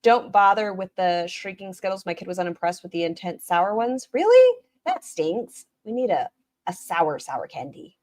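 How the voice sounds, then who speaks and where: A woman's voice: on the low side, normal speed, slight background noise. A woman hosting a stream, giving snarky, mocking commentary on a video. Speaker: stream host reacting to a video. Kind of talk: casual commentary.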